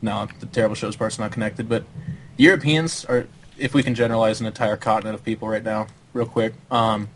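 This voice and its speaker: A young man co-hosting a podcast in casual chat, sarcastic, profane and quick to laugh. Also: lowish voice, fairly even intonation, fairly bright tone, a little hiss or hum, rough recording. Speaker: podcast co-host.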